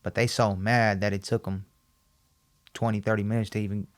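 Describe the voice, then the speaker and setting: A man as a podcast guest, recounting a personal story and acting out the dialogue in an animated, repetitive way. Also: on the low side, a little fast. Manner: animated, acts out quoted dialogue, repeats himself.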